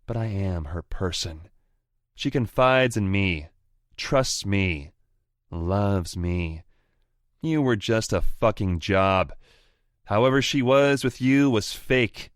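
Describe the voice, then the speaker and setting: A man doing a jeering rival on a phone call, pitched up from the narrator's deep, unhurried voice, loud and mocking, cackling in desperation. The read is dry and close, with no room sound. It is an audiobook figure that sneers through every line. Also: animated, clean tone, no room sound. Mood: taunting.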